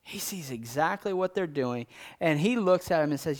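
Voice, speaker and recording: A man preaching a sermon, acting out scripture with big swings between loud, quick lines and low, slow King James readings. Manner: animated, dramatizes scripture quotes with big swings in pitch and loudness.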